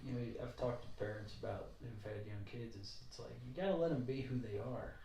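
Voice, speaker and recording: A man's voice: medium pitch, brisk, vocal fry, a little hiss or hum. Middle-aged guy host, loose rambly chat, sounds far off and echoey. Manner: rambling, animated, jokey asides. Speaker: podcast host. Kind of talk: casual interview chat. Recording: roomy, from off mic.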